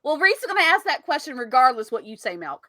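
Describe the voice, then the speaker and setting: A woman's voice: sits high, very animated, fast talker, bright, forceful tone, no room sound. A woman co-hosting a casual gaming podcast, laughing often as she chats and reads out news items. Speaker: podcast co-host. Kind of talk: casual chat reading news.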